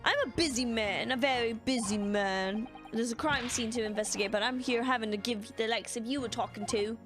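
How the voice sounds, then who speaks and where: A woman voicing a gruff, impatient male police inspector in a put-on British accent, brusque and scolding. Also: on the high side, fairly quick, over music, lightly acted.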